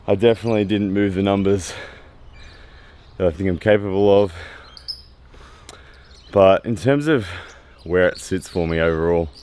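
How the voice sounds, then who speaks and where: A man in his thirties talking candidly to camera after a training session, pausing often with fillers. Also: low voice, darkish tone, clear, resonant tone. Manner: candid and reflective, with many pauses and fillers. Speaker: strength training vlogger. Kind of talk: casual post-workout vlog talk. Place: training area after a workout.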